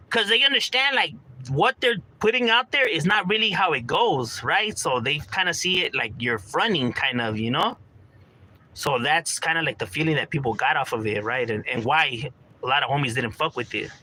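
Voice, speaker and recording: Man, casual street-slang monologue, very bright tone, pitched a bit high. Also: animated, brisk, poor audio. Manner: street slang, frequent "bro" and "you know", acts out quoted homies. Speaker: commentator talking about gang culture.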